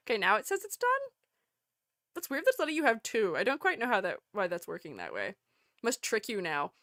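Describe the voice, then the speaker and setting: A bubbly woman streamer chats casually with her viewers, laughing often and gushing with delight. Her voice is high and bright, leaping up and down with lively swings. The sound is dry and close. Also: fairly quick, dry recording. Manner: exclaims in delight.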